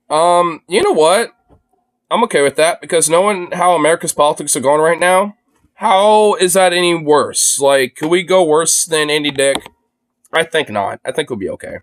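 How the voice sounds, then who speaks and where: A man livestreaming his reactions from a phone, excitable and profane, laughing often. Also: on the high side, normal speed. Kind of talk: live reaction stream.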